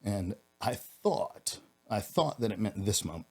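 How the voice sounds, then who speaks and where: A man with a very low, deep voice, a former police officer who is a guest on a podcast. He tells a personal story earnestly, stumbling and restarting his phrases. In the heavy moments his voice sinks lower and softer. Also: big pitch swings, creaky, slightly rough. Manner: earnest, halting, with frequent restarts.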